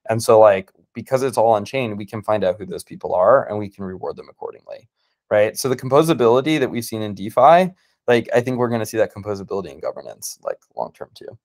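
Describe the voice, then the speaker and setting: A man's voice: fairly low pitch, expressive, a little mellow. A man, a startup founder, explaining his ideas in casual conversation on a video call, enthusiastic and full of "like" fillers. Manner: fast, filler-heavy, enthusiastic with frequent "like". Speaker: startup founder, guest speaker.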